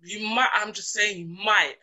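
A woman, co-hosting a casual chat and telling lively stories that act out both sides. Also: medium pitch, moderate pace, rough recording. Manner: animated storytelling, acts out both sides. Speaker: podcast co-host.

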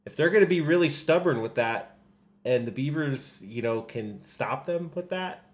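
Young male co-host, casual and halting, average pitch. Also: expressive. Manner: hesitant, many ums and restarts. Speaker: podcast co-host. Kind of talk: casual sports podcast chat.

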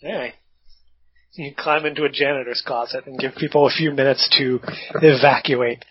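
A man's voice: medium pitch, steady tone, normal speed. A man narrating a tabletop game as game master, describing scenes in a laid-back, matter-of-fact way. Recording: dull lo-fi sound.

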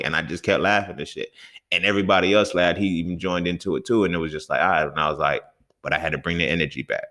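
With a deep, steady voice and a fairly bright tone, a young man moves at a quick pace through his casual solo podcast. He's profane, heated, and conversational, frequently asking "you feel me."

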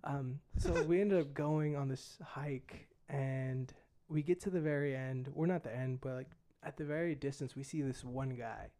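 A man's voice: mid-range voice, steady tone, moderate pace, few pauses, mellow. A young man, a missionary guest, casually telling a story and saying "dude" and "like" a lot. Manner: laid-back, fillers like "dude" and "like".

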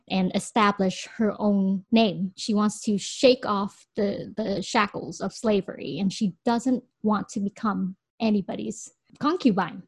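A young American woman co-hosting a podcast, telling a story in an animated way and laughing often. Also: medium pitch, slightly rough, dry recording. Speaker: podcast co-host. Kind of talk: casual chat.

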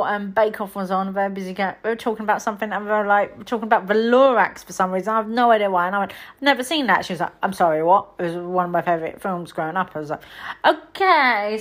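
A woman's voice: fairly high pitch, fairly bright tone. Chatty woman reviewing films. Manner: chatty, rambling, frequent ums and self-corrections. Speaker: podcast host. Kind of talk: casual film review chat.

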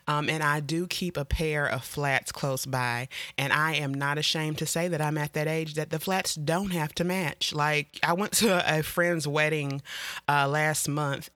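A woman's voice: moderate pace, a bit bright, no room sound. A woman, chatting casually as a podcast host and telling stories. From Eastern North Carolina, US. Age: 30s. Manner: chatty, storytelling, quotes herself in a higher voice. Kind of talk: casual solo podcast chat.

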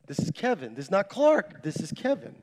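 A man delivers a sermon in a high, lifted voice, turning his testimony into a lively retelling. His words carry a long reverb, like a church sanctuary. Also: fairly quick. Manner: animated storyteller, reenacts his own words. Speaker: preacher. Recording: echoey hall with long reverb.

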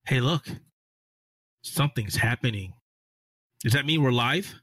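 A man's voice: mid-range voice, animated, a little slow, pushed and bright, no room sound. A man co-hosting a casual gaming podcast, full of sarcastic jokes and banter. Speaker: podcast co-host, editor-in-chief.

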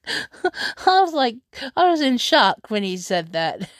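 A woman rambles through an excitable vlog commentary, breaking into laughter and restarting her sentences as she goes. She talks at an unhurried, drawn-out pace. The recording is dry and close, with no room sound. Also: fairly high pitch, no echo. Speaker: streaming commentator.

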